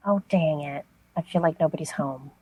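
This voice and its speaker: A woman's voice: sits low, moderate pace, background noise. A woman chatting playfully on a podcast, rambling and mock-polite. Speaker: guest, prank caller. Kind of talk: casual podcast chat.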